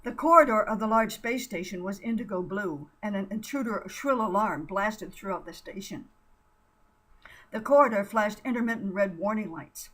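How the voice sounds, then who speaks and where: Woman reading a kids adventure story out loud, expressive, trips over words now and then. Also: medium pitch, slightly rough, poor audio. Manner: expressive, with stumbles and self-corrections. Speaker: narrator. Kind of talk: storybook narration.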